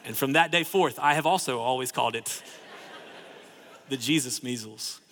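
A man's voice: mid-range voice, normal speed, fairly bright tone, a faint crowd, slight background noise. A man preaching a sermon in a church, in a conversational style that fills with "like" and repeats words. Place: church sanctuary. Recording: long hall reverb.

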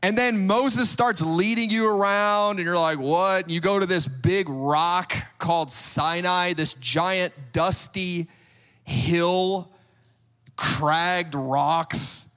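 A man's voice: high-pitched, takes it slowly, fairly bright tone, clear, resonant tone. A man preaching a sermon, retelling scripture in a casual, storytelling way that acts out the quoted reactions. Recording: long hall reverb.

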